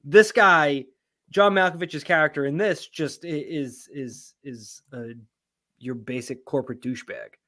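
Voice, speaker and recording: A man with a slightly high voice co-hosts a casual podcast. He swears freely, jokes around and gives blunt opinions. His talk stays loose and conversational. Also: a little slow, pushed and bright. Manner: profane, joking, opinionated. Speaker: podcast co-host. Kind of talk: casual chat.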